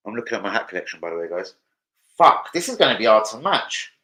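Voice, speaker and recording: A man's voice: on the low side, big pitch swings, quick pace, pushed and bright, low-quality recording. A young man chatting casually on a football fan livestream, rambling, swearing and reading out viewer comments. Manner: swearing, rambling, reads chat aloud. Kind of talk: casual live-stream chat.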